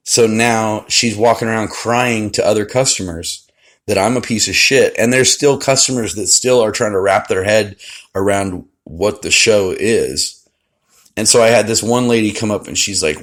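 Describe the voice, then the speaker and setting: A young man telling a crude, swearing-heavy story about trouble at his karaoke show. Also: lowish voice. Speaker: karaoke host. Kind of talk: profane storytelling rant.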